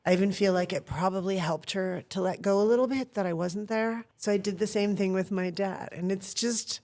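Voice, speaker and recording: A woman in a mid-pitched voice shares personal stories as an interview guest. She teaches acting and talks in an earnest, reflective way. She slips into the voices of the people she quotes. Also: brisk, a little mellow.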